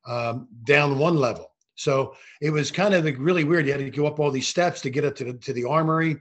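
Give me an older man recounting referee anecdotes in a casual interview, animated, slightly high-pitched. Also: fairly quick. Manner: animated anecdotes with restarts and acted quotes. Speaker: guest, former basketball referee.

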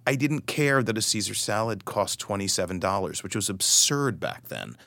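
A middle-aged man, a guest in an interview, telling stories in an animated, self-deprecating way with frequent restarts. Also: on the low side, normal speed, vocal fry, dry recording. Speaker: guest, author. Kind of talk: storytelling interview.

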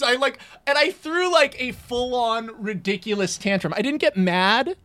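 A man with a high, lively voice tells a self-mocking story as a guest on a podcast. He acts out the quotes in his story. The sound is dry and close. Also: normal speed, hardly any pauses, dry recording. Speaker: guest screenwriter. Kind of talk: casual podcast chat, telling a story.

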